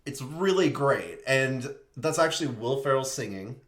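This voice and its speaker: A man's voice: mid-range voice, lively intonation, moderate pace, fairly bright tone, reverberant. A man co-hosting a movie review podcast, chatting casually, laughing often and playfully quoting scenes. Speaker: podcast co-host.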